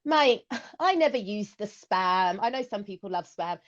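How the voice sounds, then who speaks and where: A woman's voice: medium pitch, lively intonation, unhurried, dull audio. A woman from England with an English accent, a podcast guest chatting casually and explaining things with lots of "okay" and "um".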